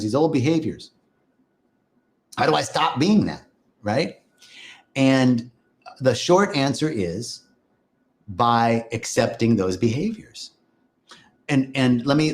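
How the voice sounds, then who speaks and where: A middle-aged man teaching on a live stream, greeting viewers by name and speaking in a gentle, sing-song way. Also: mid-range voice. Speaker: livestream host and spiritual teacher.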